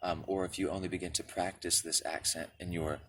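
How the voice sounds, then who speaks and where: This Michigan man, a creator of spiritual videos, has a low-pitched, slightly bright voice and talks a little fast with fairly even intonation. His casual talk to camera is full of check-ins like "right?" and "okay?", recorded on a distant mic with slight background noise.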